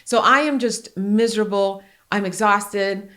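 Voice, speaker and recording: Woman in her 40s, podcast host, open and heartfelt, mid-pitched, laughs easily. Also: fairly bright tone. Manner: earnest and open, quick laughs between heartfelt points. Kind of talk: candid podcast conversation.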